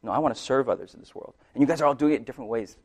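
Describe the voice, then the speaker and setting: A man preaching a sermon as pastor, casual and conversational, often checking in with "right?" and laughing, swinging between soft and emphatic delivery. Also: mid-range voice, animated, very fast.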